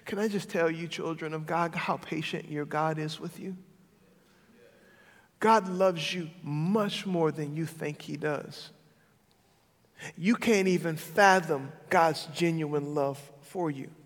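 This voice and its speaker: A man preaching a sermon as a pastor, swinging between loud declarations and hushed, intimate moments. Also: a little high, takes it slowly, in a large hall.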